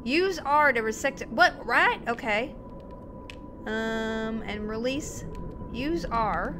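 A woman chatting excitedly to her viewers while she plays a video game live, talking back at the characters on screen. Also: on the high side, slow pace, over music. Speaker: game streamer. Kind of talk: live gameplay commentary.

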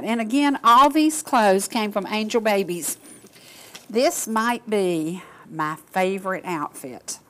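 An older woman hosts a local talk show, chatting straight to her viewers. Her talk is gushing and folksy, full of homey asides. Her pitch sits in an ordinary middle range for a woman. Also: animated, takes it slowly. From Georgia, US. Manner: gushing, folksy, addresses audience as y'all. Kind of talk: casual chat to viewers.

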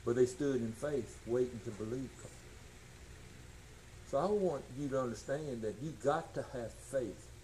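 A man preaching a sermon, folksy and emphatic, swinging from shouts to low tones. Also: a little slow, a little hiss or hum, poor audio. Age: 60s.

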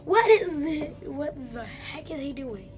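A woman hosting live gameplay commentary, chatty and excitable, teasing the game characters, with game music behind her. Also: sits high, slow, a crowd in the background. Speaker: gaming channel host.

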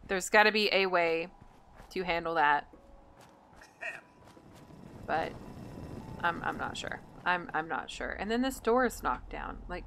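A woman's voice: mid-range voice, bright, forceful tone, slight background noise. A woman hosting a gameplay video, chatting and thinking aloud in an indecisive, casual way. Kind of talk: casual let's-play commentary.

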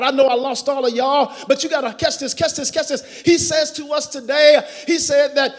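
High-voiced preacher in echoing church. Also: male voice, steady tone, normal speed, few pauses. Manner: call-and-response preaching, rising to shouts. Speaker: pastor. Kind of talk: sermon. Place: large church sanctuary. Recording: long church reverb.

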